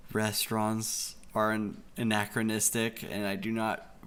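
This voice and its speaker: A man narrating as game master of a tabletop game, halting and full of fillers. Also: lowish voice, monotone, fairly bright tone.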